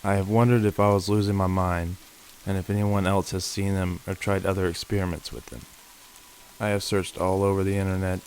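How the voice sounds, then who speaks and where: A man reading first-person creature horror stories as scripted narration, in a slow, measured, ominous manner. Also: low-pitched, darkish tone, a little hiss or hum, low-quality recording. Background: faint rain.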